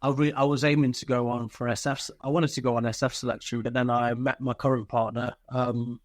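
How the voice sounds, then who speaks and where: A man recounts his army days as an interview guest, speaking loosely with plenty of swearing and restarts. His voice sits at a middle pitch. The recording is dry and close, with no room sound. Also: little pitch movement, brisk, dry recording. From Britain. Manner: candid and laid-back, swears freely, many fillers and restarts. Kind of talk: casual storytelling interview.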